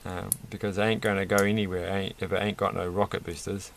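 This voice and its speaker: Casting: man, lowish gravelly voice, rambling self-mocking toy vlogger, faint noise behind. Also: flat delivery, quick pace. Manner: rambling, self-mocking, laughs at his own jokes. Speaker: toy reviewer building a set. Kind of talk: casual off-the-cuff commentary.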